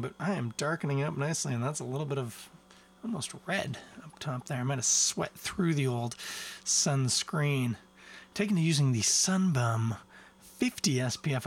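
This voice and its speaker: A man's voice: a little high, vocal fry. A man hosting a beer podcast, talking casually in a rambling, chatty way with self-mocking asides. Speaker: podcast host reviewing beer. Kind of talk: casual chat, tasting review.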